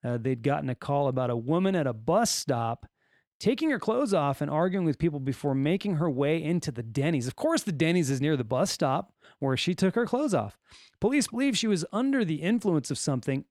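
A man's voice: fairly high pitch, expressive, a little fast, darkish tone, no room sound, clean studio sound. A man with a Californian accent hosting a solo podcast, reading odd news stories and tossing in joking asides. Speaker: podcast host.

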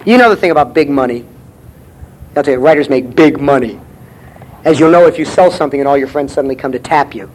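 Brash, high-voiced male lecturer. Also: a little fast, long pauses, slight background noise, low-quality recording. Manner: brash, profane and rambling, with frequent stammered restarts. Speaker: writer giving a lecture. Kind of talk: comic lecture to an audience.

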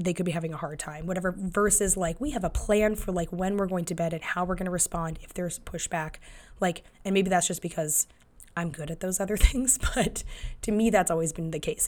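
A woman's voice: on the low side, a little mellow. A woman in her thirties talking casually about parenting as a podcast host, full of fillers and restarts. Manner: conversational, many fillers and restarts, acts out quotes. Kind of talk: casual advice monologue.

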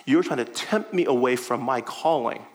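A man voicing a resolute male teacher who speaks in a stern, measured way. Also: mid-range voice, in a large hall, pitched below the performer's own voice, close to an everyday voice. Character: firm, resolute male teacher rebuking a follower.

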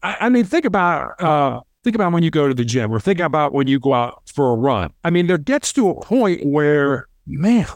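This former hostage negotiator, a middle-aged man, speaks on the high side, fairly quickly and with hardly any pauses, recorded dry. In an interview he tells animated stories, imitating the voices of people he quotes and repeating words.

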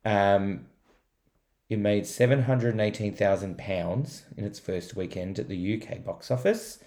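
Low-voiced man co-hosting a movie podcast. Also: measured pace, mellow. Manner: reads out facts, quotes lines in put-on voices. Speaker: podcast co-host. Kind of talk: casual movie review chat.

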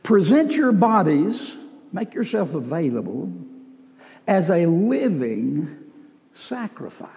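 A man's voice: sits high, very animated, takes it slowly, long pauses, warm tone. A man preaching a sermon as pastor, telling folksy stories with joking asides. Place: church sanctuary. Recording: reverberant church hall.

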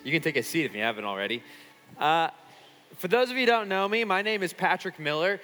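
Man in his thirties, pastor, storytelling sermon, higher voice, bright tone, hall reverb. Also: very animated, fast, soft background music. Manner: chatty, self-deprecating storytelling with fillers. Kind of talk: casual sermon talk at a retreat.

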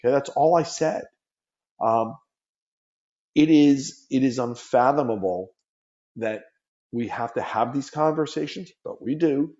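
Emphatic man with a dark, dull sound. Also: mid-range voice, a little slow, long pauses. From United States. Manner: earnest, emphatic, repeats words when pressing a point. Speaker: gun safety activist guest. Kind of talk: impassioned interview talk.

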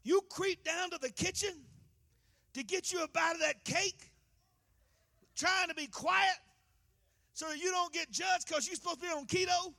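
High-voiced preacher man. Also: normal speed, vocal fry, pauses often. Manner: impassioned preaching, swinging from loud to hushed. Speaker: pastor. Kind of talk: sermon.

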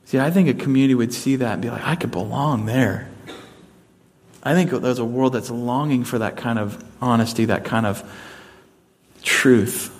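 A man's voice: mid-range voice, moderate pace. Conversational man preaching a sermon. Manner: conversational, folksy, humorous. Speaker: pastor.

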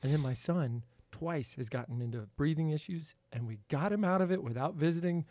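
A man hosting a podcast in casual chat, animated and laughing often. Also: fairly high pitch, fairly quick. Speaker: podcast host.

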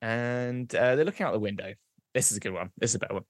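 A man's voice: mid-range voice, quick pace, dry recording, studio quality. A young man, a podcast co-host, telling a long rambling joke, losing his place and starting over. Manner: rambling, loses track, restarts.

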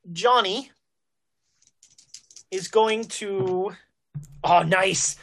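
Woman, game master, tabletop game narration, chatty, lots of fillers, mid-pitched voice. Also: fairly bright tone. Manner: loose and chatty, many fillers and self-corrections.

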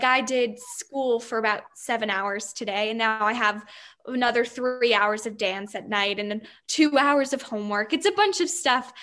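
A woman's voice: a little high, fairly bright tone. A teenage girl, a young actress, chatting upbeat and bubbly in an interview, laughing often. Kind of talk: casual interview chat.

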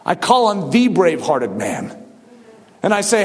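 Man preaching, shouting bursts, echoing hall. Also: high voice, sing-song, measured pace, pauses often. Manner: swings from quiet to shouted exhortation. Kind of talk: sermon.

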